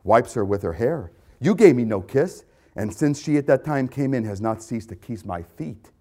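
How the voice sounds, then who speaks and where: Impassioned male preacher, swinging loud to soft. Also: mid-range voice, animated, normal speed. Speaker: pastor. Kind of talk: sermon.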